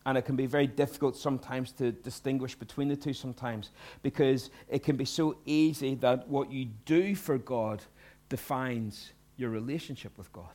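A man's voice: medium pitch, normal speed. Earnest male pastor preaching with swings in volume. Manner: earnest, swings from soft hushed lines to loud emphatic bursts. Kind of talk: sermon.

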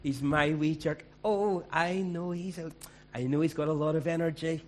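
A fond, indulgent mother doting on her wild little one, voiced by a man in a sermon, pitched up and lively. A faint hum sits under the voice. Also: normal speed, lightly acted. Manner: affectionate, indulgent.

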